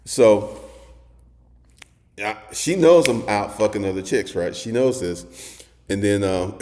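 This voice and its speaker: An animated man telling a raunchy story in a casual monologue, his pitch swinging widely as he acts out quotes. The sound rings with a long reverb. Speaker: host.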